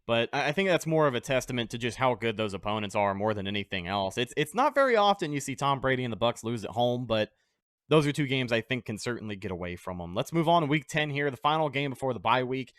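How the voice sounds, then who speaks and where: A man's voice: mid-range voice, lively intonation, fast talker, fairly bright tone, dry recording, clean studio sound. Brash man hosting a sports podcast. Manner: brash, swears freely, confident. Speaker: podcast host. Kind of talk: casual sports podcast chat.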